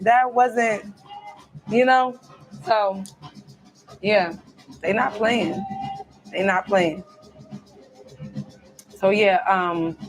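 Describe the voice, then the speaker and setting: A woman hosting a casual live stream from a cruise ship cabin, chatting loosely and talking straight to her viewers. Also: medium pitch. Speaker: live-stream host reading viewer comments.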